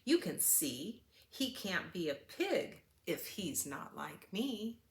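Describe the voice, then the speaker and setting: A woman's voice: on the low side, very animated, slow pace, vocal fry, echoey room, heavily acted. A woman voicing a sniffy, snooty farm pig in a storybook read-aloud.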